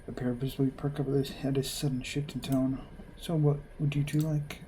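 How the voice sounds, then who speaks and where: A man voicing a shy, courteous young male train attendant who speaks softly and a little nervously. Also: mid-range voice, flat delivery, normal speed, slight background noise, close to an everyday voice. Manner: soft-spoken, courteous, slightly nervous.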